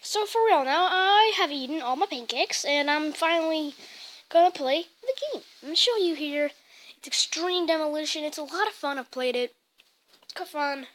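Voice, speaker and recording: A woman giving casual gameplay commentary in an excitable way, blurting out mild swears as she plays. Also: high-pitched, normal speed. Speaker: gaming channel host. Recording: loud game music over the voice.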